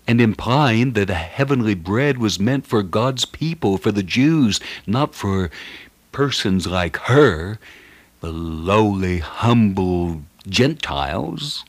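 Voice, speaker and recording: A man's voice: fairly low pitch, husky, dry recording. A man preaching a sermon, reading scripture and then talking it through in an earnest manner with rhetorical questions.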